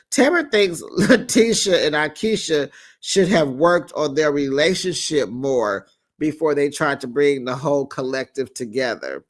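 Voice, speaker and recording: A man hosting a casual reality TV recap, telling the story in an animated, sassy way and acting out the quotes. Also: on the high side, unhurried. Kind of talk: casual gossip recap commentary.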